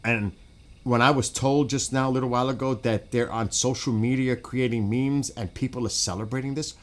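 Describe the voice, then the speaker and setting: A man's voice: medium pitch, fairly even intonation, fairly quick. A man on a gaming stream in casual chat. He talks bluntly and swears a lot, rambles and restarts his sentences, and often drifts away from the mic.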